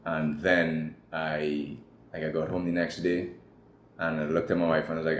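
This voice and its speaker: A man's voice: rumbling low, flat delivery, moderate pace. A man with a Trinidadian accent, a guest telling his personal story candidly in an interview. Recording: echoey room with faint noise.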